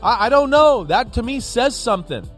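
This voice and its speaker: A man's voice: extremely high pitch, very animated, normal speed, faint music behind. A man working as a football analyst on a studio sports talk show, talking emphatically and acting out players' reactions.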